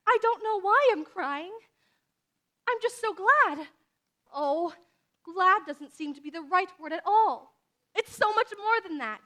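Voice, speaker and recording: Passionate orphan girl, very high and bright-voiced, dramatic, played by a woman on stage. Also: lively intonation, unhurried, pauses often, heavily acted. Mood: tearful joy. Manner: impassioned, dramatic. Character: fiery, talkative red-haired orphan girl. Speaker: stage actor in a youth musical. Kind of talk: live stage musical acting.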